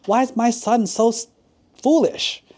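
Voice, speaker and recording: A man's voice: measured pace, darkish tone. A man voicing an embarrassed male monkey advisor pleading with his king. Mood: flustered. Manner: pleading, high-pitched.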